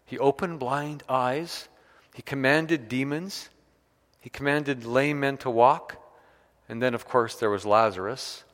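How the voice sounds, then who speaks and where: A man's voice: mid-range voice, measured pace, fairly bright tone. A man preaching a sermon, retelling a scripture story with varied emphasis. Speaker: pastor. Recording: long hall reverb.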